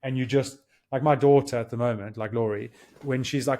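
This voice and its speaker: A man in his thirties talks through ideas on a podcast in an earnest, coaching way. He slips into little quoted exchanges as he explains. His voice sits at an ordinary middle pitch. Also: fairly even intonation, brisk, dark tone. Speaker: podcast co-host. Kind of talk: casual podcast chat.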